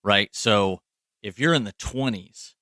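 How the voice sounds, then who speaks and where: A man's voice: fairly low pitch, slow, bright, forceful tone, dry recording, clean studio sound. A man co-hosting a podcast in casual chat, rambling and profane with lots of fillers. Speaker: podcast co-host.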